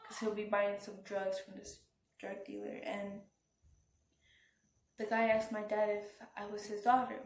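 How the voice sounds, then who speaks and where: A woman telling a personal story as a vlogger, speaking in a halting, subdued way with frequent restarts. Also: medium pitch, completely flat delivery, gravelly. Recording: roomy, from some distance off the mic.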